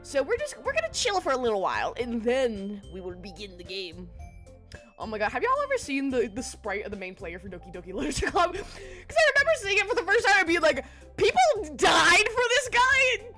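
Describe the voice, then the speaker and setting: A woman's voice: high voice, huge pitch swings, quick pace, sharp tone, faint music behind. A woman streamer in casual, giggly chat, greeting her viewers by name.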